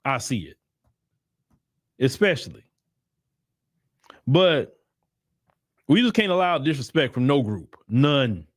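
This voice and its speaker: A man's voice: medium pitch, very animated, slow pace, pauses often, no room sound, studio quality. A man giving blunt, emphatic opinion commentary in casual slang, often repeating himself for emphasis. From United States. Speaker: commentary channel host.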